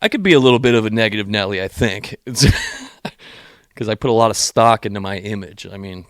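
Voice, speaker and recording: Swearing freely, a young man co-hosting a podcast spins a long story in casual conversation, acting out other people's quotes with animation. His voice is fairly low and brisk, captured in a dry, clean studio recording.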